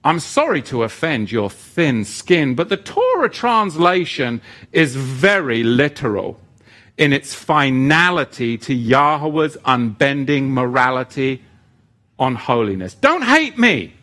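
Animated male preacher, lively pitch. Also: measured pace. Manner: animated, swings between intense emphasis and joking asides. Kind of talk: sermon.

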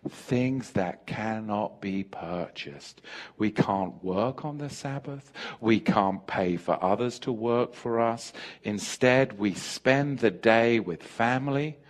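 An American man preaching a sermon, emphatic, joking and laughing with his congregation. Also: fairly low pitch.

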